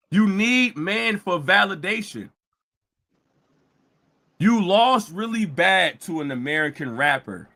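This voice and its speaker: A man hosting a live-streamed talk show, ranting heatedly and mockingly, repeating himself and often breaking into shouts. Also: high-pitched. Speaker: show host. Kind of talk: live-streamed commentary rant.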